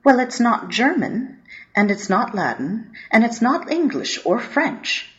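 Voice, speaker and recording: A woman's voice: fairly high pitch, sing-song, measured pace, voice pushed up. Old nun taking her time, careful words, lady voicing her, lo-fi muffled. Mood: deliberate. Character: elderly, sharp-eared nun. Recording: dull lo-fi audio.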